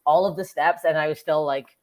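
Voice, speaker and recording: A woman's voice: deep voice, brisk. A Canadian woman in her thirties, a comedian telling blunt, profane stories as a podcast guest. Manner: profane, blunt, animated storytelling. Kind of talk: casual podcast storytelling.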